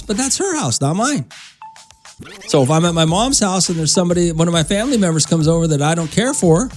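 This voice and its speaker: A man's voice: on the high side, darkish tone. A man hosting a morning radio show, chatting casually and rambling as he talks straight to his listeners from the studio.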